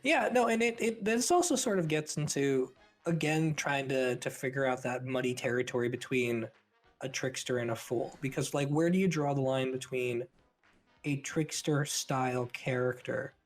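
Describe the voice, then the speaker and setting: A man's voice: medium pitch, moderate pace, soft background music. A man co-hosting a casual podcast, explaining ideas with lots of "like" and rhetorical questions. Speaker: podcast co-host.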